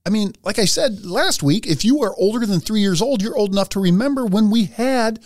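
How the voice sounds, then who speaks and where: Slightly high-voiced man, casual podcast chat. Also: animated, fairly quick, no room sound, studio quality. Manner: rambling, laughs between words; reads news aloud. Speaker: podcast co-host.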